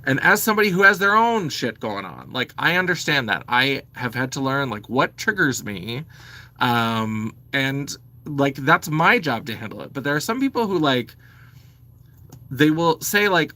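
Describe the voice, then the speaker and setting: Animated, bright-voiced man ranting. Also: medium pitch, moderate pace. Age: 40s. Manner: animated, blunt, sweary, exasperated. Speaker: vlogger. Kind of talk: ranting to camera.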